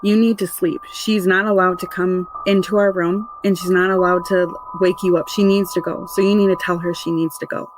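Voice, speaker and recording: A woman's voice: lowish voice, level tone, fairly quick, few pauses. Woman recounting an eerie story, noisy recording. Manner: rambling, conversational, many "like"s and restarts. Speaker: mother telling a true paranormal story. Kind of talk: casual spoken recollection.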